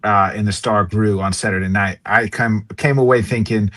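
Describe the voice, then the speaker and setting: A man's voice: lowish voice, steady tone, normal speed, a bit bright. A man guesting on a sports talk show, giving rambling, filler-heavy fight analysis with stories.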